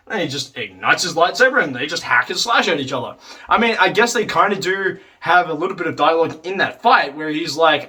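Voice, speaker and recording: A man's voice: on the high side, lively intonation, brisk, sharp tone, distant mic. A man giving a casual, rambling spoken review, filling his talk with "like", swearing freely and acting out quoted lines. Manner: rambling, heavy use of "like", swears, acts out quotes. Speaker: video reviewer.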